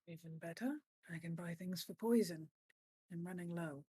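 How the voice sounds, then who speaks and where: A woman's voice: on the low side, normal speed, dark tone, breathy edge. A woman playing a tabletop game, chatting casually and bluntly. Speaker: player.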